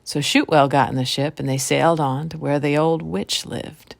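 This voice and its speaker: A woman storyteller and podcast host telling an old folk tale in a relaxed, folksy way. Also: deep voice, moderate pace, creaky, no room sound.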